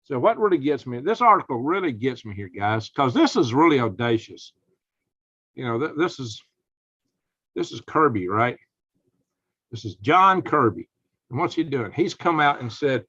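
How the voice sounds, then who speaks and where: A man hosting a live prepping channel, rambling folksy commentary that turns loud and indignant, with a drawl. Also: mid-range voice, very animated, moderate pace, dry recording, highs cut off.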